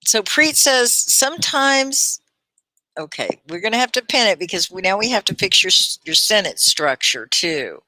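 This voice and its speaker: Woman, English teacher, live-stream lesson, bright tone, dry close sound, encouraging, slow syllable-by-syllable modeling. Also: mid-range voice, sing-song, no echo. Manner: encouraging, praising learners by name; models words slowly, syllable by syllable.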